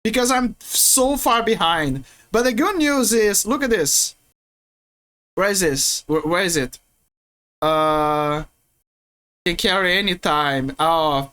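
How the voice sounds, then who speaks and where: Woman streamer, loose and rambling, chats with viewers mid-game, mid-range pitch. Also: animated, takes it slowly, a bit bright. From Brazil. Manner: rambling, playful, many restarts. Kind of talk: casual stream chat while gaming.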